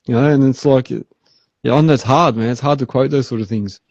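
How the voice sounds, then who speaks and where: An Australian man hosting a podcast, chatting casually and laid-back, acting out customers in quick asides. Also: medium pitch, a little mellow, no echo, muffled recording. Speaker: podcast host.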